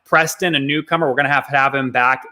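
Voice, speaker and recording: A man hosting a live online business show, wrapping up with brisk promotional remarks to viewers. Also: medium pitch, steady tone, bright, forceful tone. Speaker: show host.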